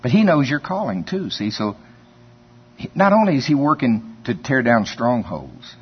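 A man's voice: mid-range voice, very animated, normal speed, breathy edge. A man preaching a sermon in a folksy, conversational way, telling stories and chuckling often. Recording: dull lo-fi sermon recording.

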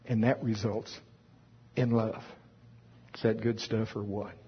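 A man's voice: fairly low pitch, flat delivery, unhurried, slightly rough, muffled recording. A man preaching a sermon with emphasis, reading scripture aloud in old wording. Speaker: pastor.

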